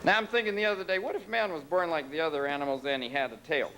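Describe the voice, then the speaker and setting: A man's voice: fairly high pitch, quick pace, sharp tone. A man doing a stand-up comedy set, talking brashly and ranting with profanity in front of a live audience in a large concert venue. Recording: live concert tape with crowd noise. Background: laughing crowd.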